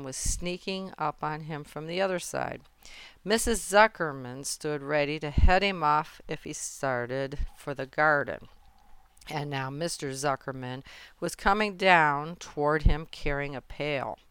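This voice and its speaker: Woman narrator, children's book read-aloud, low voice, slow measured pace, very clear, dry close sound. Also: dry recording. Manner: gentle, measured storytelling. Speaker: storybook narrator.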